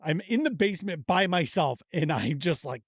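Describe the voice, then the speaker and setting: A man's voice: fairly high pitch, moderate pace, husky, dry recording, studio quality. A man hosting a podcast, telling a story with enthusiasm and lots of swearing. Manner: enthusiastic, profane, animated storytelling. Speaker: podcast host. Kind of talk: casual chat.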